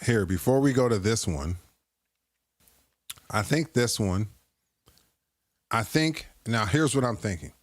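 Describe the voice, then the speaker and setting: A man with a somewhat low voice hosting a casual livestream, rambling and joking at his own expense. His voice is recorded close and dry, with no room sound. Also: lively intonation, takes it slowly, long pauses, dry recording. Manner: rambling, joking, self-deprecating. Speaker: livestream host. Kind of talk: casual livestream chat reacting to clips.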